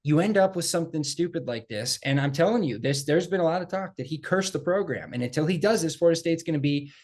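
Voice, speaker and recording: A man co-hosting a casual sports podcast, talking in an animated, emphatic way and repeating phrases for effect. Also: on the high side, quick pace. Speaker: podcast co-host.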